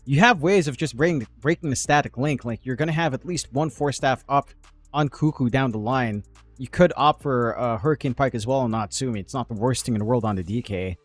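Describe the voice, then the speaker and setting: A man's voice: mid-range voice, brisk, faint music behind. A man commentating a live esports match, breaking down the game analytically and joking with his co-caster.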